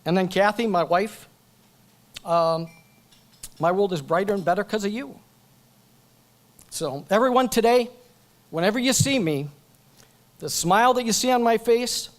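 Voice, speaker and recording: A man's voice: sits high, expressive, a little slow, pauses often. A man giving a joking, chatty acceptance speech at a banquet event, talking into a microphone and going off script. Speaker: award recipient.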